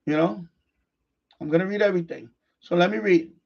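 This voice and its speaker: A frustrated middle-aged man, talking bluntly and unscripted on a live stream, circling back over the same phrases. His voice sits high and has a gravelly rasp. The stream audio is dull and lo-fi. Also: fairly quick, pauses often, darkish tone. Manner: blunt, repeats phrases, restarts often.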